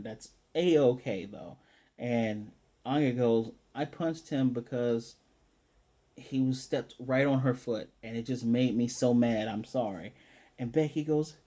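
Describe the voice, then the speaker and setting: A man casually recapping an anime episode, animated and playfully acting out the characters' lines. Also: medium pitch. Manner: animated, acts out characters' lines in quick voices. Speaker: anime reviewer.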